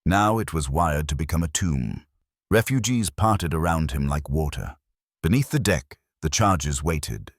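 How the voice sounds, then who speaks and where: A man's voice: very deep voice, lively intonation, a little slow, dry recording, clean studio sound. A man giving grave, dramatic scripted narration of a war story.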